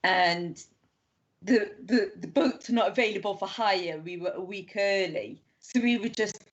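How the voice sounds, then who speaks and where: In dull lo-fi podcast audio, a young woman guest tells rambling stories at a measured pace in a mid-range voice. She says "like" constantly and acts out the quotes in her stories.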